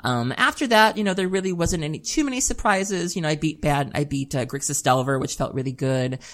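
Woman, very low voice, casual podcast chat, chatty storyteller, laughs often. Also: animated, brisk. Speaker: podcast co-host.

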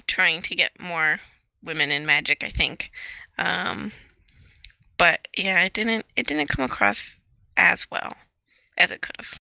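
A woman guest on a casual podcast panel with a lowish, very bright and sharp voice. She speaks in a measured, hesitant way. The sound is dry. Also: gravelly, no echo, rough recording. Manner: measured, hesitant, many fillers.

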